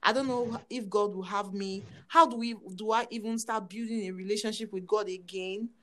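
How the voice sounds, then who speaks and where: A woman's voice: mid-range voice, fairly even intonation, moderate pace. A woman hosting a faith-based interview podcast, affirming her guest, quoting scripture and framing long questions. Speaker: podcast host.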